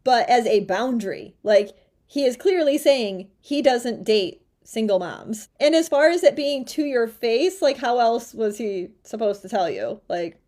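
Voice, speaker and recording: A woman's voice: fairly high pitch, expressive, measured pace, darkish tone. A woman commenting critically, questioning the speaker's reaction.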